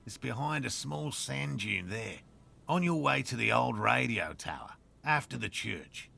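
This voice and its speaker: Smug aussie bug scientist for a game, gravelly raspy voice, lectures everyone. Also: male voice, mid-range voice, lively intonation, unhurried, sharp tone, full character voice. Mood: lecturing. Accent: Australian. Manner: pompous, lecturing. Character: pompous male cryptozoologist, self-assured and prickly. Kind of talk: video game voice acting.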